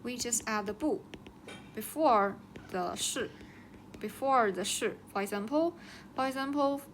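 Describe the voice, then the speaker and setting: Slow, patient woman teacher. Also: on the high side, slight background noise. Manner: says each word twice, slow and deliberate. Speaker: Chinese language teacher. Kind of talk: slow teaching explanation, repeating words.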